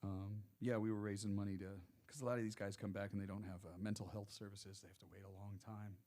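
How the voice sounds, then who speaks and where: A middle-aged man with a Texan accent, a singer-songwriter chatting casually between songs in a relaxed storytelling way. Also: on the low side, fast. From Texas. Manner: relaxed storytelling, drawls into quoted voices. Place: small music workshop venue, live session.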